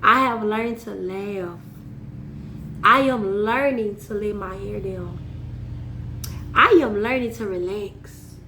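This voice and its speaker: A woman's voice: mid-range voice, slow pace, pauses often, sharp tone, slight background noise. A woman sharing a personal reflective monologue in an earnest, repetitive way, laughing at herself at times. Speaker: vlogger. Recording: echoey room.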